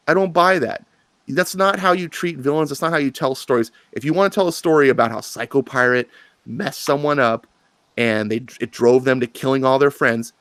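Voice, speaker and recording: A man on a comics discussion panel, arguing his view with animated emphasis and frequent restarts. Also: mid-range voice, no echo. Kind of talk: passionate live panel debate.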